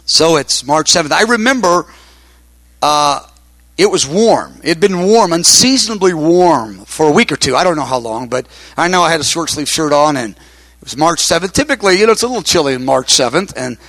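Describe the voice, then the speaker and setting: A man's voice: a little high, lively intonation, fairly quick, fairly bright tone, dry recording. An older man preaching in a conversational storytelling way, often repeating himself with fillers like "uh". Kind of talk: sermon storytelling.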